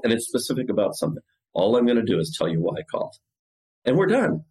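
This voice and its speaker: A man's voice: medium pitch, sing-song, fast, creaky, darkish tone, low-quality recording. A man, a company CEO, talking as a guest in a podcast interview and acting out cold-call lines in different voices. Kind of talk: podcast interview explaining sales technique.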